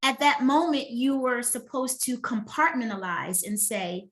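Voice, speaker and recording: A middle-aged woman with a somewhat high voice teaches a motivational master class as a wellness coach. She talks in a lively, conversational way and often asks her listeners if they are with her. Her delivery is emphatic and personal, as if speaking straight to each person. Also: measured pace.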